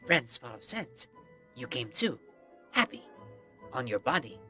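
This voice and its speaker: Man putting on a gruff wolf-boy voice. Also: medium pitch, sing-song, music in the background, pitched below the performer's own voice. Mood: calm. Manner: halting short phrases, sniffing out scents. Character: gruff young wolf-raised man, broken speech.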